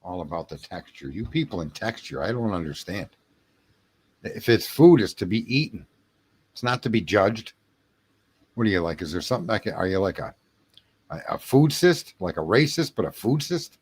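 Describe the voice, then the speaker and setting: A man with a low, husky, expressive voice hosts a late-night livestream at a normal speed. He reads chat aloud, rambling through profane, jokey banter with his viewers.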